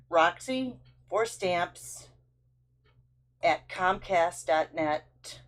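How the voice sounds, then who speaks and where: A woman's voice: mid-range voice, big pitch swings, very slow, pauses often. A woman hosting her own vlog, telling a long frustrated story in a chatty, storytelling way with big swings in her voice. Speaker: stamping craft channel host. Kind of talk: casual vlog chat.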